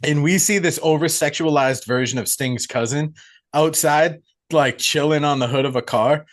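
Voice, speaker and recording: A man's voice: fairly high pitch, normal speed. A man co-hosting a podcast who laughs often and reads from his notes in a casual movie chat. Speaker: podcast co-host.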